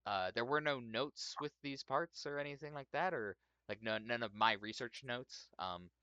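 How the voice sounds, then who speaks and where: A man's voice: mid-range voice, moderate pace, pushed and bright, clear, resonant tone, no room sound, highs cut off. A young man narrating as game master in a rambling way, with many fillers and restarts.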